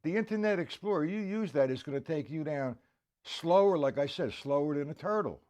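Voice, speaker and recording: A man's voice: fairly high pitch, lively intonation, a little fast, a little mellow. A man giving a live-streamed drum lesson, counting beats aloud, joking and answering viewers by name. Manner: casual, joking. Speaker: drum teacher.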